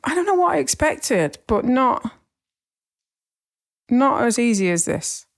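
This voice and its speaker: A woman, a business owner chatting as a podcast guest, warm and quick to join the banter. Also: a little high, very animated, vocal fry. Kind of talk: casual podcast chat.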